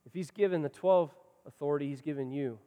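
A man preaching a sermon as pastor, swinging between loud passionate lines and quiet ones. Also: a little high, quick pace, in a large hall.

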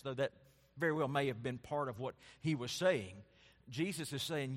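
Pastor preaching in a reverberant hall. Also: male voice, medium pitch, normal speed. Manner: conversational preaching with rising emphatic lists and soft dropped asides. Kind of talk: sermon.

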